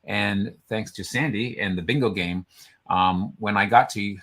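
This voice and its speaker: Reading out entries on a casual online show he co-hosts, a man rambles along chattily and keeps tripping over names. His lowish voice has a fairly bright tone and a somewhat slow pace.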